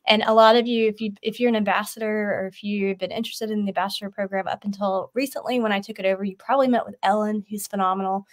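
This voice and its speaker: A woman's voice: mid-range voice, fairly even intonation, fast, few pauses, no echo. A woman hosting an online educator event over a video call, bubbly and enthusiastic. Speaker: host.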